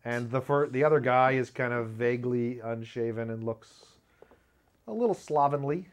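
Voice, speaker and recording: A man hosting his own show, talking in a rambling, self-mocking way and often laughing at his own jokes. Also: normal speed. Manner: lively pitch jumps when acting out quotes. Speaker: video show host. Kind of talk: casual comedic monologue. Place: home studio with black curtain behind.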